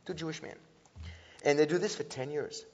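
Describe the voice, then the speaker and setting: A man giving an earnest, animated talk to an audience, often restarting his sentences and filling pauses. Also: on the high side. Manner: earnest, with frequent restarts and filler sounds. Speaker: speaker teaching about antisemitism. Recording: dull lo-fi sound with long hall reverb.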